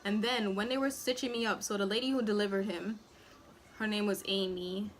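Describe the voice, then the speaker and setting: A woman's voice: mid-range voice, steady tone, a little fast, a little hiss or hum. A young woman in casual storytime talk, rambling and full of fillers, acting out what people said as she tells it. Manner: chatty, rambling, filler-heavy, acts out quotes. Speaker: vlogger and new mother. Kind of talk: casual storytime while eating.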